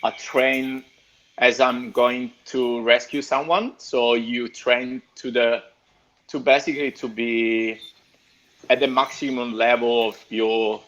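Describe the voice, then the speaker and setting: Man, Italian accent, lifeguard, slow unhurried delivery, halting phrasing, dull lo-fi sound. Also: medium pitch, little pitch movement, a bit bright. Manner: halting, repeats words while searching for them. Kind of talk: casual chat on a live stream.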